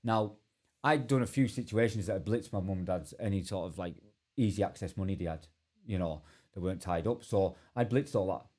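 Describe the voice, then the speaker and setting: A man telling his own story as a podcast guest, earnest and halting with many restarts. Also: sits low, darkish tone. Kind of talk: candid personal storytelling.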